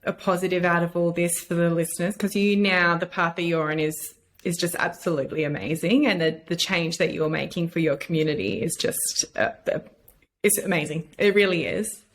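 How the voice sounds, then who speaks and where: Gentle woman podcast host, lowish voice. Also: steady tone, a little fast, slight background noise. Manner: gentle, supportive questions. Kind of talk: sympathetic interviewing.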